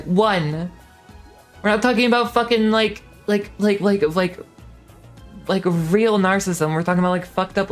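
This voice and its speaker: A young woman in her twenties, a streamer ranting casually, heated and swearing with lots of fillers and restarts. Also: medium pitch. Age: 20s. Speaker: VTuber streamer.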